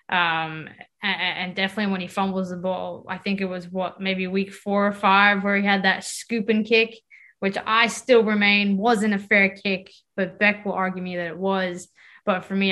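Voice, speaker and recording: A woman with a mid-pitched voice chats on a sports podcast. She talks fast and lively and acts out other people's opinions. Her delivery is casual and full of fillers. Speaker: podcast co-host.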